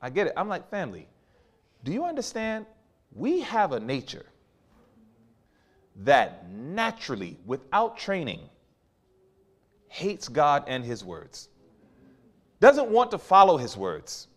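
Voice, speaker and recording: A man's voice: a little high, wildly swooping pitch, takes it slowly, long pauses. A man preaching a sermon, acting out quoted voices with big swings as he tells stories. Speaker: pastor.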